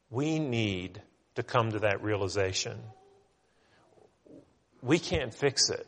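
A man's voice: lowish voice, expressive, slow pace, pauses often, fairly bright tone, long reverb tail. A middle-aged male pastor reading scripture and preaching an earnest sermon. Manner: reads scripture aloud, then preaches earnestly with small restarts.

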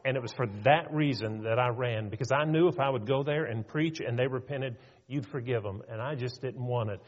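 A man's voice: mid-range voice, brisk, lightly acted. A man voicing a sulking, miserable male prophet who pleads and complains in a raised voice, as part of a sermon. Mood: miserable pleading. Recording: reverberant hall, dull lo-fi.

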